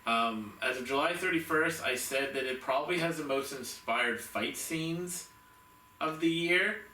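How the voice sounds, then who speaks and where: A man's voice: on the high side, unhurried, pushed and bright, distant mic. A man co-hosting a movie review show, chatting casually about films with lots of fillers and hesitations. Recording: echoey room, voice off-mic, faint noise.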